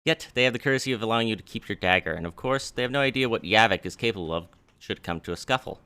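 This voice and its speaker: A male streamer reads game narration aloud and throws in casual, swearing asides. His voice is low but bright. His words come out smooth and crisp. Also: very fast. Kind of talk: reading game text aloud.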